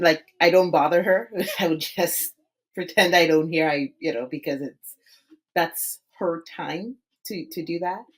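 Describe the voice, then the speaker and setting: Very low-voiced woman podcast host. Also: husky, low-quality recording. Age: 40s. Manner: animated, laughs often between phrases. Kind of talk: casual interview chat.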